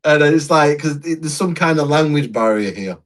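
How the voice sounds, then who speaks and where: A man's voice: a little high, animated, moderate pace. A man co-hosting a casual podcast, telling rambling anecdotes with restarts and laughter. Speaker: podcast co-host. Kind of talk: casual chat, storytelling.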